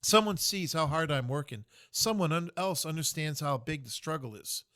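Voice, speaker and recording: Appearing as a podcast guest, this American military veteran in his fifties is reflective and earnest, with frequent fillers and restarts. His fairly high voice sounds animated, pushed, and bright, at a normal speed.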